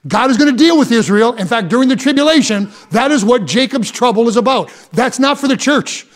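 A man with a strikingly high-pitched voice delivers a sermon. He preaches with fervor, stumbling over repeated words as his emphasis rises. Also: animated, fairly quick. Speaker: pastor.

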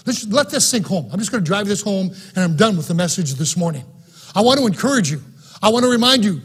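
A man's voice: high voice, expressive, brisk, breathy edge. A man preaching a sermon, repeating phrases and building to fervent, emphatic peaks. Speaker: pastor. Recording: broadcast sermon.

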